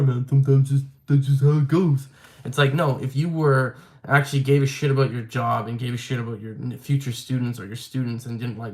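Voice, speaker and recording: A young man venting in a casual vlog, frustrated and rambling, full of filler likes. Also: medium pitch. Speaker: vlogger.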